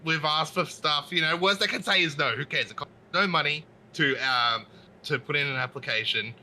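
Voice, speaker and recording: A man who is a podcast guest, telling a story in an animated, casual way with many restarts. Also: a little high, moderate pace, low-quality recording.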